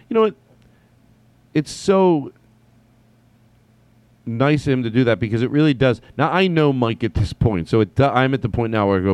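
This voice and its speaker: A man's voice: medium pitch, lively intonation, normal speed, long pauses, darkish tone, clean tone, dry recording. Rambling, profane male comedian. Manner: rambling, profane, lots of restarts. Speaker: comedian podcast host. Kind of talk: casual storytelling.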